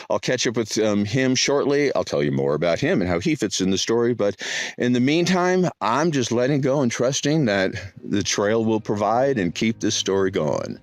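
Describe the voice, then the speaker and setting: A man's voice: smooth, no echo, studio quality. A man vlogging outdoors on a hiking trail, talking in a rambling, playful way into a handheld phone. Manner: rambling and playful, with wide swings in pitch. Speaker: thru-hiker vlogger. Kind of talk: casual outdoor vlog monologue.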